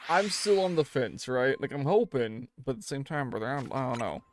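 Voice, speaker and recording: A man's voice: mid-range voice, brisk, faint music behind. A young man streaming a game, telling a story in casual, rambling chat full of slang and restarts.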